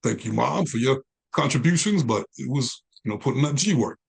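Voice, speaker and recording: A man, a guest in an interview, telling his life story with animated quoted dialogue. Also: medium pitch, brisk, gravelly, husky. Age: 40s.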